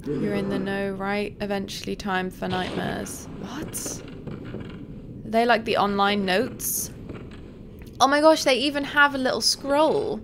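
Woman, slow excitable game commentary. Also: mid-range voice, background noise. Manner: chatty, shrieks and laughs at the game. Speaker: gaming streamer. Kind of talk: let's play commentary.

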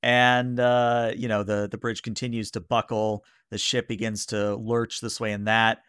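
A man's voice: fairly low pitch, level tone, a little slow, a bit bright, clean tone, no room sound, studio quality. A man running a tabletop game as game master, narrating casually with many fillers.

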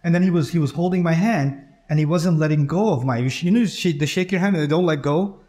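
A man's voice: a little high, fairly quick, darkish tone. A middle-aged man giving a conversational sermon in a mosque, often acting out quoted dialogue. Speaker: preacher giving a Friday sermon.

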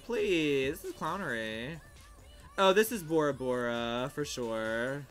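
A young man streams a game and talks over it in a sassy, theatrical way that leaps into outraged shouts. His voice is bright and lively in pitch, and his talk runs unhurried. Faint music plays behind him. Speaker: livestreamer. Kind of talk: casual gameplay commentary.

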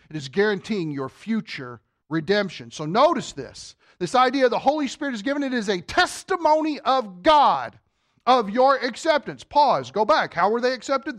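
A male pastor delivering a sermon in a church, his pitch swinging up and down with animation. He keeps asking the congregation questions and drops to a hushed voice when he wants to drive a point home. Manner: drops to a low, quiet voice for emphasis. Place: church sanctuary.

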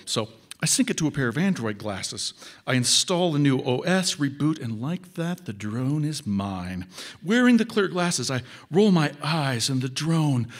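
A male author reading his own short story aloud in measured, expressive first-person narration. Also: on the high side.

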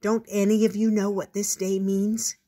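A woman voicing a wise, patient male owl in a storybook reading, calm and explaining. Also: lowish voice, unhurried, slightly rough. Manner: calm, explaining, a little stern.

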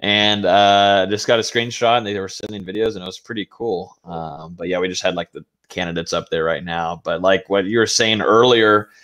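A young man with a deep, low voice co-hosts a casual sports talk show. He is laid-back and rambles through his thoughts. He laughs easily at his partner's jabs. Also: steady tone, moderate pace, hardly any pauses, a bit bright. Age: young adult. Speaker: co-host, team analyst.

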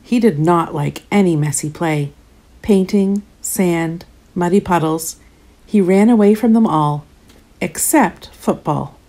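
A woman narrating a children's storybook aloud in an expressive, animated way. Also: lowish voice, slow.

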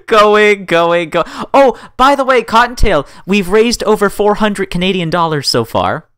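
A man hosting a livestream, cheering on the chat. His voice is smooth and swings widely in pitch, and it sounds close and dry. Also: lively intonation, a little slow, a bit bright, no room sound. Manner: affectionate, upbeat hype to chat. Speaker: host.

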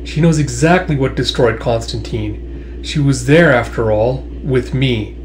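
A man's voice: medium pitch, a little slow, slight background noise, close to an everyday voice. Man reading as a sly, mocking half-wolf woman. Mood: taunting. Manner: cool, taunting.

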